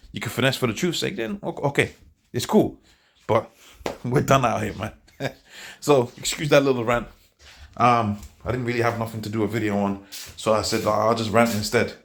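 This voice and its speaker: A man delivers a loose, unscripted video rant with a preachy edge. His voice sits at a middling pitch. He stumbles over repeated words and laughs softly between his points. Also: steady tone, normal speed, pauses often. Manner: preachy, quotes scripture. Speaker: video host. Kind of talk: casual monologue rant.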